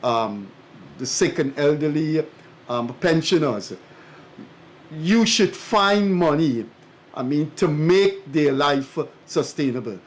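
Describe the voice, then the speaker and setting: Male co-host, higher register, measured academic delivery. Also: animated. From Guyana. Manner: measured, deliberate, emphatic, speaks as an academic. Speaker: co-host and commentator. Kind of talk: studio talk show commentary.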